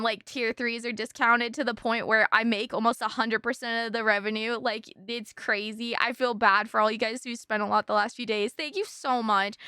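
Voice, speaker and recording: Very high, bright-voiced woman streamer. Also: smooth, no room sound, clean studio sound. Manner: effusive, gushing thanks to viewers. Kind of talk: casual live-stream chat.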